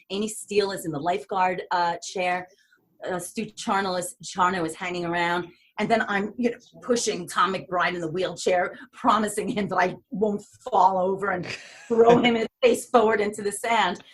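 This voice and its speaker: A woman's voice: mid-range voice, slight background noise. A middle-aged woman with a New York accent, telling set stories as an interview guest and acting out the voices. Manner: animated, acts out voices and screams. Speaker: actress guest. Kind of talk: storytelling interview.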